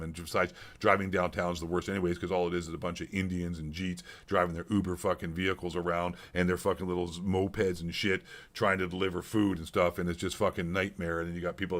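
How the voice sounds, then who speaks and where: Low-pitched and slightly bright, this voice belongs to a middle-aged man from Canada. He's streaming a casual, profane monologue, blunt and heated, cursing constantly and going over the same points again.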